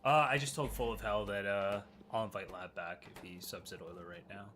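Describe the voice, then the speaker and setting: A man's voice: on the low side, fairly even intonation, a little fast, over music. A man hosting a live stream, chatting casually and teasing his co-host and viewers. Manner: teasing, joking, talks to chat.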